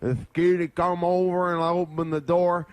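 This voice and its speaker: A man putting on a crude, boastful crank who rambles and swears through every line, his voice sitting a little high. The sound is dry and close, with no room around it. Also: little pitch movement, moderate pace, darkish tone, no echo, natural voice. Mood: ranting. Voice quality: foul-mouthed, rambling. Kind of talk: prank impression on radio.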